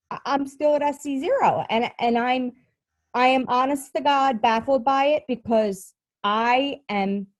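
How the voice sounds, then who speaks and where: A woman coach sharing her frustrations in a group call, speaking in a halting way with many restarts. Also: mid-range voice, darkish tone, no room sound, rough recording.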